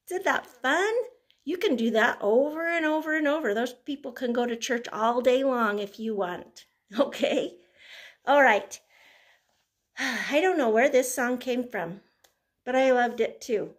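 An older woman, a grandmother, leading a toddler through finger plays and songs, talking gently and breaking into simple tunes. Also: on the high side, a little slow. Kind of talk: gentle children's sing-along lesson.

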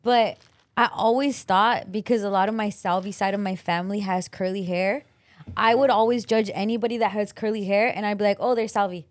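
A woman's voice: medium pitch, fairly even intonation, a little fast. Woman podcast co-host, casual chatter, easy laughs, loose swearing. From Los Angeles. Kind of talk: casual chat.

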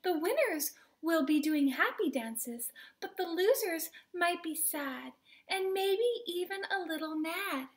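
An excited, bossy little girl from a children's storybook, as a woman reads her aloud. The voice jumps high and bounces eagerly between notes. She sounds like a young friend rallying everyone to a game. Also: takes it slowly, exaggerated voice.

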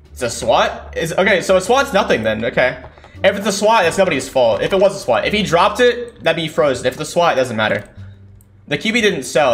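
A young man giving casual live commentary on a football game he is playing, thinking aloud and breaking into excited shouts. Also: fairly high pitch. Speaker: gaming streamer. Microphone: desk mic without a condenser.

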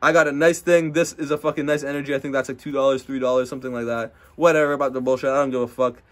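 A young man with a mid-range voice talks through a pack-opening session indoors at someone's house. His commentary is loose and profane, full of brash trash-talk, and it can jump from grumbling into loud, excited hype. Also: medium pitch, rapid-fire. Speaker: card-opening vlogger. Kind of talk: casual unboxing commentary.

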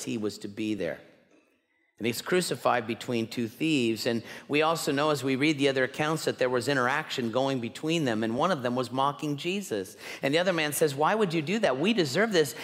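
A man delivers a sermon with earnest emphasis, leaning on key words and slowing to let them land. His voice sits in the middle range for a man. A long reverb trails behind him, as in a big church hall. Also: medium pitch, a bit bright. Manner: earnest, emphatic preaching with slow stressed words. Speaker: pastor. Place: church sanctuary.

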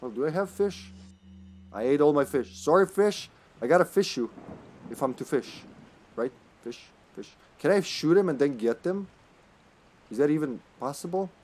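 A man's voice: on the high side, animated, moderate pace, darkish tone, a little hiss or hum. A man streaming a retro horror game live, chatting with viewers in a jokey, rambling way. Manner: chatty and jokey, often laughing, greeting chat. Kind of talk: live gameplay commentary.

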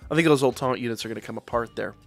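A man's voice: medium pitch, rapid-fire, vocal fry, faint music behind. A man casually reviewing mobile game units, reading out stats and correcting himself as he goes. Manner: chatty, self-correcting, reads stats aloud. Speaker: gaming YouTuber.

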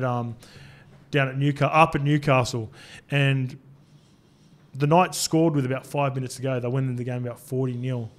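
Man telling footy stories on a podcast. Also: mid-range voice. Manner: agreeable storyteller, frequent restarts and fillers, occasional swearing. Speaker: former rugby league player, podcast co-host. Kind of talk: casual sports podcast chat.

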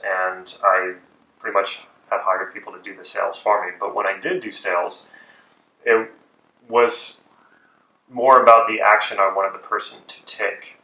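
A man teaching persuasion techniques in a measured, deliberate way with pauses. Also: deep voice, pushed and bright. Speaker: persuasion and hypnosis instructor. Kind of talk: instructional talk. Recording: echoey room, distant from mic.

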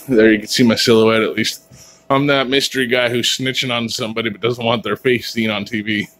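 A man's voice: mid-range voice, fairly bright tone, a little hiss or hum. A man talking casually in a home vlog, rambling and jokey with a self-mocking streak, filmed indoors on a handheld camera. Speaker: vlogger.

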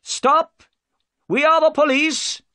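A humbled police inspector in a storybook reading, polite and earnest, as a man voices him with his voice pushed well up in pitch. His delivery swings widely up and down, and the sound is dry and close. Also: big pitch swings, unhurried, no echo, exaggerated voice. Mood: shouting.

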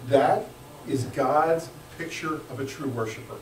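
Joking pastor in an echoey church. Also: male voice, mid-range voice, a little slow, background noise. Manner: lively, joking, swings between hushed asides and loud bursts. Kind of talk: sermon. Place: church sanctuary. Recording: echoey church room, mic at a distance.

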